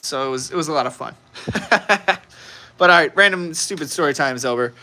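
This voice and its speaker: A young man with a Chicago accent, talking casually on a live stream. His voice sits fairly high and sounds bright and forceful, and he laughs a lot as he rambles through a story. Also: expressive, brisk, slight background noise. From Chicago, United States. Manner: chatty, laughs often, rambling with restarts. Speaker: live stream seller, host.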